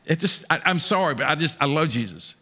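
A man preaching a sermon in a large church, folksy and animated, often repeating his words. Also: a little high, quick pace. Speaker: pastor. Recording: echoey church hall.

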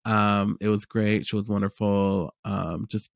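Animated young man telling a story. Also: lowish voice, measured pace, creaky, dry recording, studio quality. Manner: animated storytelling, many fillers and repeated words. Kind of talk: casual chat.

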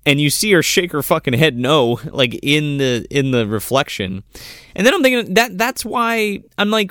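A man's voice: fairly high pitch, big pitch swings, moderate pace, sharp tone, no room sound, studio quality. A man in casual movie chat, talking loosely with lots of swearing and laughter. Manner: loose, profane, laughs often. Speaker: podcast co-host.

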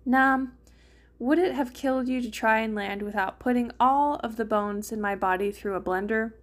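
A woman's voice: a little high, moderate pace, lightly acted. A woman voicing a grumpy young man who complains and bickers, reading fan fiction aloud. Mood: complaining. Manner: complaining, sarcastic.

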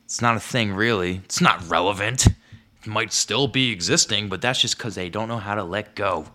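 Into his podcast microphone, a young man rambles through funny stories at a moderate pace, his tone sharp. Profanity comes constantly, and quoting himself sends his voice shooting upward in this casual comedic monologue.

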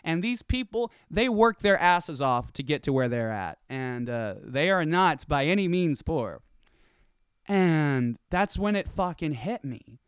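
Here a man rants in a casual monologue, cursing and bringing his stories to life by voicing each character. As he gets worked up, his somewhat high pitch bounces all over the place. The recording is close and dry, with no room echo, and his voice sounds smooth and clear.

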